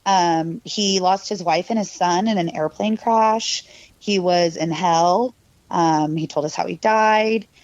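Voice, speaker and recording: On a podcast, a female guest tells a personal ghost story in a lowish, darkish voice at a slow pace, recorded dry with a dull, lo-fi quality. She rambles, uses lots of fillers and laughs, putting on different voices to quote her younger self and her cousin.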